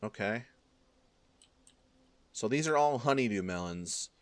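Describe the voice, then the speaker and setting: A man's voice: lowish voice, expressive, measured pace, no echo. A man commenting on a playthrough in a profane, joking way as the gaming host. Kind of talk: let's play commentary.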